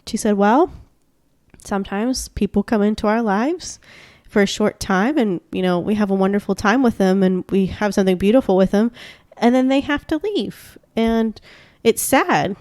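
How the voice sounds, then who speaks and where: A woman's voice: mid-range voice, normal speed, a little mellow, no echo, studio quality. A woman co-hosting a podcast in casual chat, gushing and rambling with lots of fillers. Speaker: podcast co-host.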